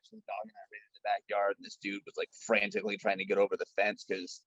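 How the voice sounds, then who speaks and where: A young man tells stories in a casual, animated way, with plenty of swearing, and acts out the voices of the people he quotes. His voice sits fairly low. The sound is dull and lo-fi, like a video call, with no room echo. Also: racing, hardly any pauses. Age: young adult. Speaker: podcast guest. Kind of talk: casual storytelling chat.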